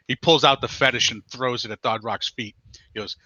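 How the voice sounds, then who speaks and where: A man playing a tabletop game, declaring his character's moves boldly. His voice is very bright and sharp, dry and close, on a dull lo-fi line. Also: medium pitch, steady tone, a little fast, no echo. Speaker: player. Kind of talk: tabletop role-play.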